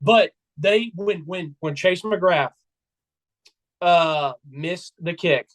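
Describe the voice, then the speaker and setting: A young man with a notably high voice co-hosts a sports podcast. He tells his stories with excitable energy and keeps slipping into loud impressions of his own trash talk. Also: drawn-out words. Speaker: podcast co-host. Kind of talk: casual sports chat.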